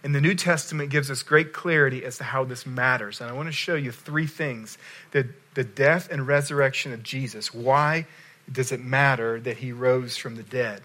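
Bright-voiced pastor preaching a sermon. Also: male voice, medium pitch, moderate pace. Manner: storytelling, with swings between loud emphasis and hushed lines.

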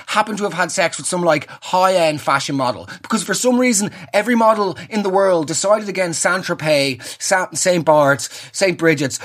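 A man's voice: high voice, a bit bright. An Irish man in his thirties hosting a comic podcast, telling sarcastic, ranting stories. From Ireland. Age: 30s. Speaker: podcast host.

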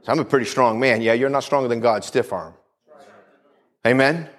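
A man preaching a sermon with emphasis, repeating phrases, dropping low and quiet for weight, and calling out for the congregation's amens. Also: normal speed. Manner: emphatic, repeats phrases, calls for "Amen?" responses.

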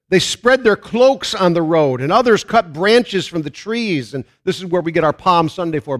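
A man preaching a sermon as a pastor, halting and restarting at times, then rising loud and emphatic through scripture. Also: a little high. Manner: rises to loud preaching on scripture and crowd shouts; halting restarts when speaking plainly.

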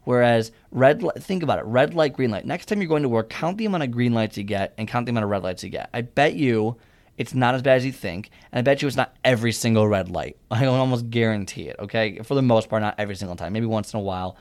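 A man's voice: medium pitch, quick pace. Earnest rambling man giving fitness advice. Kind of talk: casual motivational monologue.

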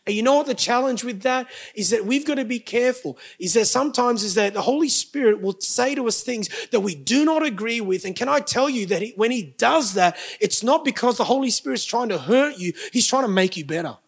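A man's voice: extremely high pitch, animated, brisk, few pauses, breathy edge. A man, preaching a sermon as pastor with emphatic bursts and joking asides to the congregation.

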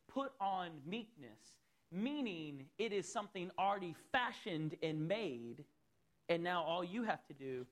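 Male pastor, animated sermon delivery, loud appeals falling to hushed asides. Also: on the high side. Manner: animated preaching, rising then dropping to soft asides. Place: church.

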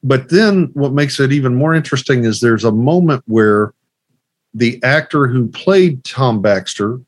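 A man's voice: mid-range voice, expressive, measured pace, no echo. A man co-hosting a casual movie podcast, recounting things in an easygoing, storytelling way. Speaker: podcast co-host. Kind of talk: casual movie-discussion chat.

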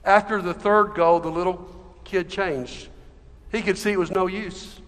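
A man's voice: sits high, steady tone, measured pace, a bit bright. A man preaching a sermon, telling a story with emotional, dramatic delivery. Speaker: pastor. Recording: long hall reverb.

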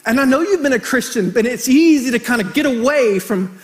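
A middle-aged man preaching a sermon as pastor, animated and storytelling, joking with the congregation. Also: extremely high pitch, brisk.

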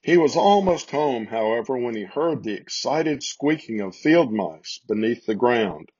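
Husky man reading a storybook. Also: medium pitch, lively intonation, measured pace, darkish tone. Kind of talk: reading a children's Christmas story aloud. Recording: slightly muffled lo-fi recording.

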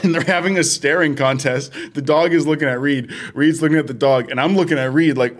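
A man's voice: on the high side, fairly even intonation, brisk. A young man co-hosting a podcast, telling stories in casual chat, swearing freely and often laughing through his words. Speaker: podcast co-host.

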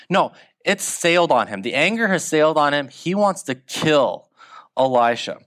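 A man preaching a sermon, telling a story with animated delivery and acting out the lines of the people in it. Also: fairly high pitch, moderate pace. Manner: animated storytelling, acts out quotes. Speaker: pastor.

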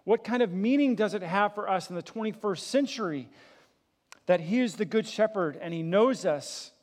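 A man preaching a sermon as pastor, swelling louder for emphasis and dropping low and soft, with casual rhetorical questions. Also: animated, normal speed.

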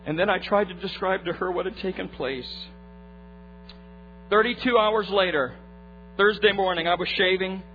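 A man preaching a sermon, retelling a family story and acting out its voices, moving from hushed tones to fervent appeals. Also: high-pitched, moderate pace, pauses often. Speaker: pastor. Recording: muffled lo-fi recording with faint hum.

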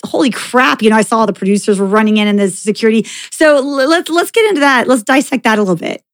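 A woman's voice: fairly high pitch, quick pace, no room sound. A woman hosting a podcast, chatting casually and filling her talk with "like" and "you know.". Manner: chatty, filler-heavy with many "like"s. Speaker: podcast host. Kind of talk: casual interview chat.

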